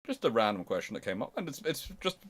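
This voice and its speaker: A man's voice: fairly low pitch, very animated, fast, a bit bright. A man hosting a casual history livestream, making wry asides and answering viewers' chat as he goes. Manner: chatty, wry asides, reads chat aloud.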